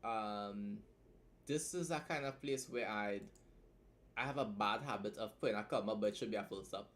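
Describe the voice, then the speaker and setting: Teaching editing in a relaxed, talkative stream, a sleepy young man keeps checking in with "right?" after his points. His voice is lowish yet fairly bright in tone, at a moderate speed. He's clearly been up too long.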